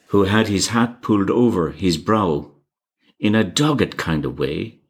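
A man narrating an old travel story in a measured, formal reading. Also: low-pitched.

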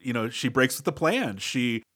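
A male podcast co-host walks through a movie plot in an easy, relaxed manner. His voice sits in the middle of the range. He talks casually with the occasional filler. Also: medium pitch, normal speed. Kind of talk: casual movie review chat.

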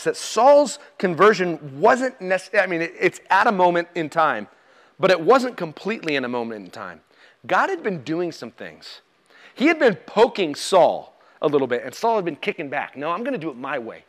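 A man's voice: high-pitched, very animated, moderate pace. A man preaching a sermon in a conversational, plain-spoken way, with light humor and direct questions to his listeners. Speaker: pastor.

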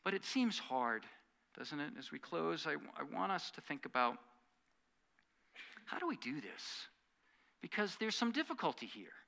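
A man preaching a sermon as pastor, earnest, swinging from loud emphatic lines to quiet, hushed asides. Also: fairly high pitch, big pitch swings, unhurried, creaky, long pauses.

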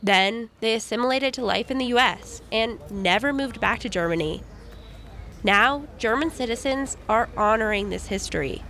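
A young woman from the United States narrating a radio feature report in a calm, measured first-person voice. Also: fairly high pitch.

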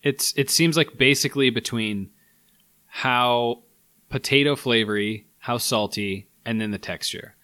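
A man co-hosting a casual food-tasting podcast, playful and quick to laugh. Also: mid-range voice, pushed and bright, no echo. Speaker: podcast co-host. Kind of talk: casual chat.

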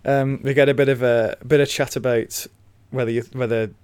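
A man talks casually through a podcast chat, stopping often with ums and starting his sentences over. His voice sits at an ordinary pitch, recorded dry and close to the mic with no room sound. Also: fairly even intonation, brisk, darkish tone, smooth, dry recording. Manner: hesitant, many fillers and restarts. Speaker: podcast co-host.

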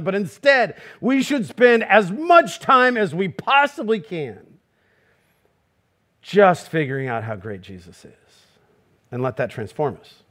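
A male pastor with a high-pitched voice delivers a sermon with emphatic, searching rhetorical questions. He acts out the voices he quotes. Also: sing-song, a little slow, a bit bright.

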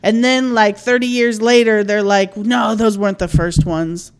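Female podcast co-host, mid-pitched, dry and teasing, relaxed banter. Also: moderate pace, smooth. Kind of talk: casual chat.

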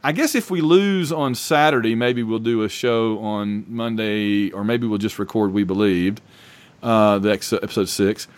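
Rambling, excitable male podcast host. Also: lowish voice, normal speed. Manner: rambling, excitable, self-interrupting. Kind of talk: casual sports chat.

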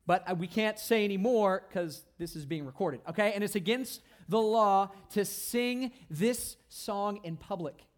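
A young man giving a lively, playful youth sermon, often checking in with the crowd. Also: sits high, unhurried, few pauses. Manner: animated, playful, asks the crowd "right?" often. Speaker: youth pastor.

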